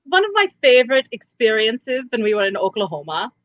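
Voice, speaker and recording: A woman's voice: a little high, sing-song, a little fast, lo-fi sound. A woman co-hosting in playful in-character chat, with a theatrical manner. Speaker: co-host.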